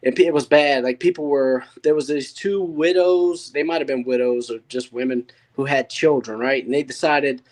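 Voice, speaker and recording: Speaking in a mid-range voice at a moderate, steady pace with few pauses, a man on a casual panel tells a story. He rambles, using fillers and restarting sentences.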